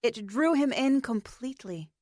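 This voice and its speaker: A woman reading a post-apocalyptic novel aloud as an audiobook narrator, in a measured, even manner. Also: a little high, dry recording, clean studio sound. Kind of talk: scripted narration.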